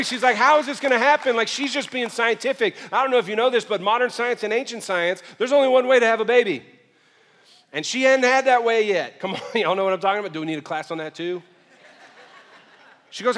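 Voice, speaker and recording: A male pastor preaching a sermon, moving from quiet storytelling to shouted calls to the congregation. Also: extremely high pitch, quick pace, big-room sound.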